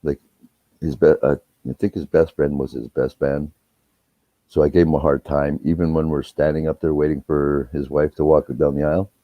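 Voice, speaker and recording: A man's voice: rumbling low, moderate pace, no room sound. A man casually telling rambling, profane family stories on a live stream. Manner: profane, rambling, animated when retelling quarrels. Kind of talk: casual storytelling chat. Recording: dull, muffled audio.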